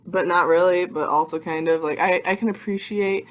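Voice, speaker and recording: Young woman rambling at her webcam, kinda low voice, excitable, makes fun of herself. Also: moderate pace, background noise. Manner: rambling, excitable, self-mocking. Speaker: vlogger. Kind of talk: casual vlog talk to camera. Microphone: computer webcam.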